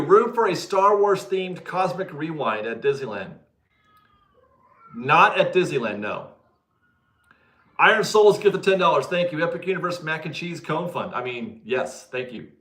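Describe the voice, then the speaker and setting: A man's voice: fairly high pitch, expressive, moderate pace, pauses often, a bit bright, reverberant. A man hosting a casual livestream, chatting, laughing often and correcting himself as he answers viewers. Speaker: livestream host reading viewer donations.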